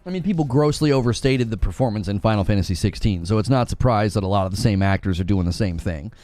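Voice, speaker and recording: Reading chat messages aloud on his live gaming news stream, this man talks fast in a lowish voice. The sound is dry with no room sound, soft music plays underneath, and he stays casual, excitedly thanking donors.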